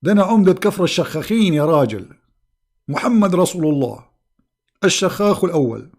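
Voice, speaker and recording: Brief: man voicing a brash Egyptian village man, Egyptian Arabic accent, shouty, fast, raised pitch. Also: animated. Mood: boastful. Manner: shouting, mocking, rapid-fire.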